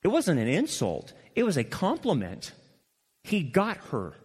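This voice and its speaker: A man preaching a sermon as pastor, emphatic, moving between loud passionate peaks and quiet intimate asides. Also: a little high, huge pitch swings, unhurried, husky. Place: church sanctuary. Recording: long hall reverb.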